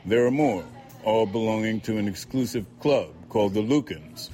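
A man narrates a novel in the first person, his voice sitting low and steady. His delivery is measured and dry, letting ironic lines land without extra push. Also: faint music behind. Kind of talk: audiobook narration.

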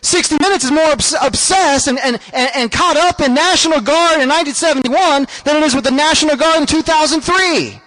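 A man's voice: very high-pitched, brisk, hardly any pauses, a bit bright, low-quality recording. A man hosting a show, delivering an emphatic, repetitive political rant to his listeners. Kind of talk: ranting political monologue.

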